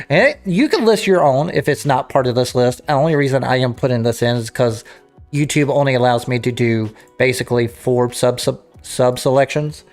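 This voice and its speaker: A man hosting a casual gaming livestream, talking off the cuff with frequent restarts and throat-clearing. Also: medium pitch. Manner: rambling, self-interrupting, clears throat. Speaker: livestream host.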